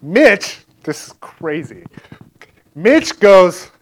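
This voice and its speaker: A man's voice: high-pitched, sing-song. Chatty man telling a faith testimony. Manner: chatty, peppered with "like" and "right?"; acts out others' lines in quick back-and-forth. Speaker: speaker giving a personal faith testimony. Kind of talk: casual spoken storytelling.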